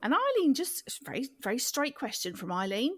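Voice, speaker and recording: A woman's voice: high-pitched, huge pitch swings, a little fast, a bit bright. A woman co-hosting a casual comedy chat, dry and teasing. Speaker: podcast co-host.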